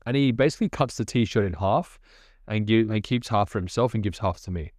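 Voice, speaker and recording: A man telling his personal testimony in a lively, conversational storytelling manner. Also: lowish voice, brisk, dry recording, clean studio sound. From Australia.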